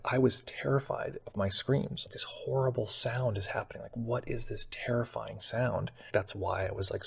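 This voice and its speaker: A man's voice: fairly low pitch, vocal fry, breathy edge. A man telling a personal story in a casual, rambling way, with many fillers. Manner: casual and rambling, heavy use of "like". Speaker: meditation channel host.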